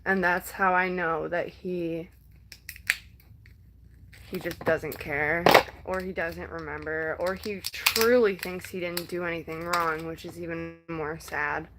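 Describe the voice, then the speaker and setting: A woman's voice: lowish voice, steady tone, noisy background. A young woman vlogger talking casually to her viewers, rambling with many fillers and sometimes close to tears. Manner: rambling, halting, full of "like" and "um"; emotional, near tears at times. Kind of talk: casual personal talk to camera.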